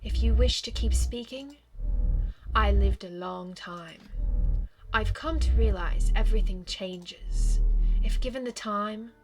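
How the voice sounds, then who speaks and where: A woman voicing a solemn, ancient, lonely spirit in a video game, speaking in a slow, hushed, grave way. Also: medium pitch, over music. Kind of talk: video game character reading.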